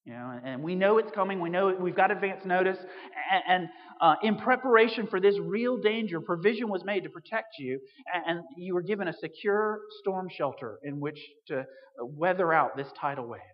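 A man's voice: sits high, normal speed, hardly any pauses. Guy giving a sermon, chatty with lots of restarts, long church echo, kinda muffled. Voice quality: conversational, frequent restarts and asides. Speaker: preacher. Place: church on Jersey. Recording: dull reverberant hall recording.

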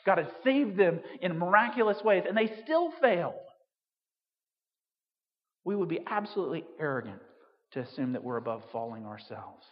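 A man preaching a sermon in a conversational way, full of asides and restarts. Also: fairly high pitch. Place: church on Jersey. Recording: dull reverberant hall recording.

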